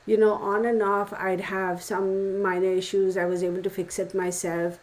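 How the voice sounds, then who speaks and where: A woman's voice: mid-range voice, flat delivery, moderate pace, darkish tone, rough recording. A woman hosting a live stream, talking casually to her viewers in a frustrated, rambling way with many restarts and lots of "y'all.". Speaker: tarot channel host greeting live chat viewers. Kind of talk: casual livestream chat.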